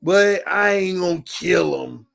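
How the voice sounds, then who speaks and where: High-voiced guy hosting a fan football show, loud and animated. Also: slow pace, gravelly, a little hiss or hum. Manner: animated, swings between shouting and laughing. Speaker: sports channel host. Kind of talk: casual fan commentary livestream.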